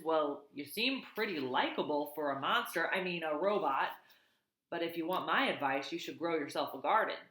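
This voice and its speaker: A woman's voice: low voice, a bit bright, reverberant. A woman voicing a chatty, helpful male beaver who builds lodges, eager and bossy as he gives advice.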